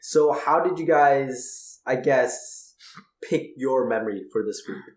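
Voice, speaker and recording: An easygoing man co-hosts a casual podcast chat and steers it with questions. His voice is mid-pitched. The room around him gives a noticeable echo. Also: slow, a little mellow. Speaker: podcast co-host. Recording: echoey room.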